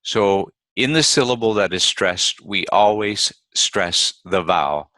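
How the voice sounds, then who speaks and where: A man teaching English pronunciation rules in a slow, deliberate lesson, modelling each example word by repeating it carefully. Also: deep voice, sharp tone, dry recording. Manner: deliberate, models words by repeating them slowly.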